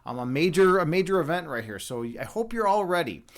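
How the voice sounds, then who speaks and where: A man chats casually on a live stream from his home desk, joking and rambling as he goes. His voice sits a bit on the high side, and he often restarts his sentences mid-thought. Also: very animated, fairly quick. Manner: rambling and jokey, with frequent restarts. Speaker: livestream host, chess instructor and meditation guide.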